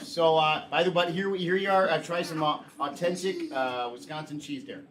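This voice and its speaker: A man performing an improvised comedy scene who rambles with lots of fillers and then fires off quick questions. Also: a little high, steady tone, slight background noise. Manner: rambling, filler-heavy, turns to rapid-fire questioning. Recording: live stage, mic far off, loud audience.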